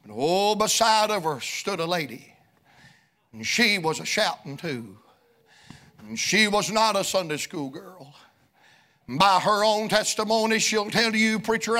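Guy preaching loud, high bright voice, kinda sings his lines, church sermon. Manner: fervent, shouting preaching with sung cadences. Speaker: pastor.

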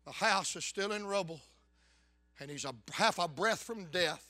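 A man preaching a fervent revival sermon, bursting into loud shouts. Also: high voice, moderate pace, no room sound.

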